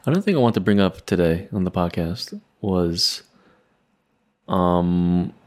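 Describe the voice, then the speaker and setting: Deep-voiced, hesitant man on a podcast. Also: lively intonation, measured pace. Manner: hesitant and reflective, many fillers and soft laughs. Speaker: podcast co-host. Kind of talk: casual podcast chat.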